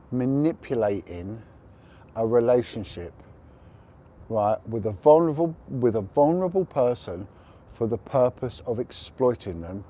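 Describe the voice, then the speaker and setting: A man's voice: mid-range voice, warm tone. A middle-aged man hosting a casual livestream outdoors, talking in a chatty, rambling way with blunt opinions. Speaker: livestream host. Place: outdoors on a windy rooftop.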